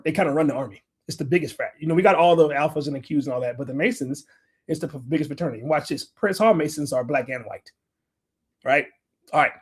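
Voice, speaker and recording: A man's voice: a little high, darkish tone. A middle-aged man from the United States talking bluntly and profanely to a live audience, rambling and swearing constantly. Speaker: speaker addressing a live audience. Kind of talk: profane, loose talk to a room.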